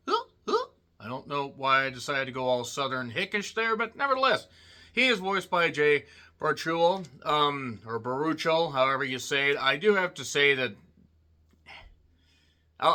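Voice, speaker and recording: A man's voice: fairly high pitch, sharp tone. A man reviewing a movie in a casual spoken style, full of sarcastic, joking asides.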